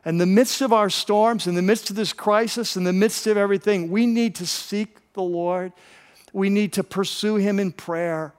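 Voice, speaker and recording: A man's voice: high voice, steady tone, moderate pace, clear, resonant tone, long reverb tail. A pastor preaching a sermon, telling a story animatedly and often repeating words as he builds up.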